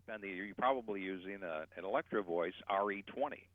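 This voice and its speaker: Man, voice coach guest, tinny phone line, dry sound, animated, demonstrating projection. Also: low-pitched, quick pace, no room sound. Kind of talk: explaining and demonstrating voice technique. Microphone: telephone.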